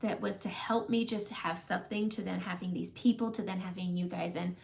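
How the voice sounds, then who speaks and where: A woman makeup vlogger talking casually and warmly to her viewers, emotional and close to tears at times, often laughing. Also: on the low side, fairly even intonation, fairly quick, gravelly. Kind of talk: casual heartfelt talk to camera.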